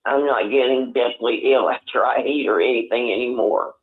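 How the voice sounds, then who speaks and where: An older man calling in on the phone, talking in a rambling, halting way with many restarts. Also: medium pitch. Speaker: caller. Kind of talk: casual phone chat. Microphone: telephone. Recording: tinny phone line.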